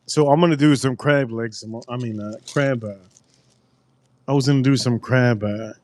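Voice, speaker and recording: A man hosting a casual livestream, rambling through stories loudly and with lots of swearing. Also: medium pitch, moderate pace, slight background noise. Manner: rambling storytelling, loud and profane. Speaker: livestream host.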